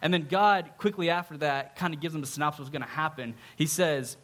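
Loud, animated young male pastor. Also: fairly high pitch, fast, few pauses. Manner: loud, animated, conversational, frequent "right?". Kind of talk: sermon.

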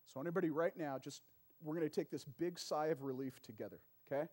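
A man preaching a sermon in a conversational way, often calling for an "amen" from the congregation and rising to loud emphatic peaks on key lines. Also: on the high side, fast talker. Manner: conversational preaching with frequent call-and-response "amen" and "right". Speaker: pastor.

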